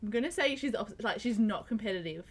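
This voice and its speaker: A young adult woman speaking as a podcast guest, relaxed and laughing in casual chat. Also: mid-range voice, rapid-fire.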